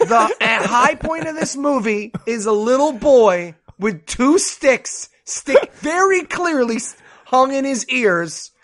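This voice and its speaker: Man, very high pitch, lively swooping delivery, exaggerated, profane, comedic movie podcast chat. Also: takes it slowly. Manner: animated, exaggerated, swears. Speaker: podcast co-host. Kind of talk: casual comedic movie commentary.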